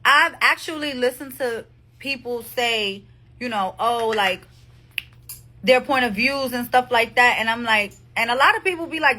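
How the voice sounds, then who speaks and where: On a casual phone livestream, a New Jersey woman in her thirties addresses her followers emphatically, repeating herself and swearing freely. Her voice runs fairly high with a sharp tone, at an ordinary speed.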